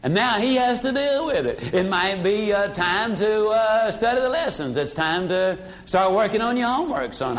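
An older man teaching a sales seminar in a folksy way, dropping his voice low for emphasis. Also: lively intonation, normal speed, hardly any pauses. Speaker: sales trainer. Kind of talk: motivational seminar talk.

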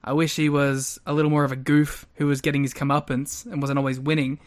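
A man co-hosting a podcast in casual chat, playful and quick to joke. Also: on the high side, little pitch movement. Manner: playful, joking, quick to laugh. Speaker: podcast co-host.

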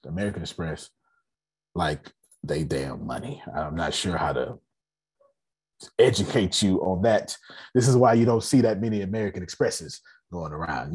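A man with a low, husky voice hosts a business meeting in a loose, motivational way. He repeats his points and keeps asking whether everyone understands. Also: a little mellow. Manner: repetitive, often checks if listeners understand. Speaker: host of an online business meeting. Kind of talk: casual motivational talk to a group.

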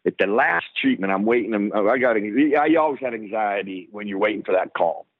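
A man's voice: lowish voice, brisk, no echo. A middle-aged man, a former football player, tells stories as a guest in a casual interview and acts out the voices of the people in them. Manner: animated storyteller who acts out the lines of others. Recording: dry, tinny phone line.

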